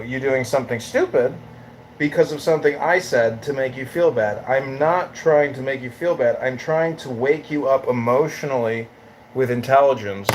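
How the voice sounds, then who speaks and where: A man's voice: mid-range voice, darkish tone, slight background noise, poor audio. A man hosting a live audio chat room, ranting in a profane, taunting, swaggering way.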